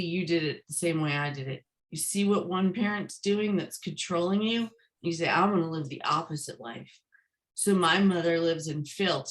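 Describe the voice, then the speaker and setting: Forthright woman author, lowish voice. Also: poor audio. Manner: forthright, emphatic. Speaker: guest, author. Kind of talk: interview conversation.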